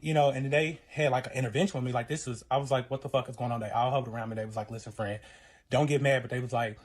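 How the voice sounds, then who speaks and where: Racing along in a steady-toned, mid-range voice that's slightly rough, a man casually relays his own relationship story. He rambles and swears freely, dropping fillers and acting out the lines of the people involved.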